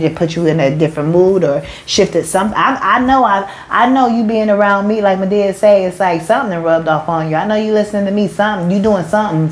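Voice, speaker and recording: On a rough recording, a female spiritual coach and motivational speaker addresses her followers with a medium-pitched, slightly mellow voice. Her talk is forceful and full of slang; she curses openly, keeps starting over, and calls everyone "baby."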